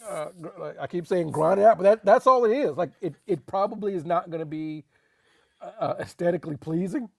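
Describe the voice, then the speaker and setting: A man co-hosting a casual sports talk show, talking in an animated, emphatic way with laughs and repeated phrases. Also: sits high, brisk, vocal fry. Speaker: podcast co-host.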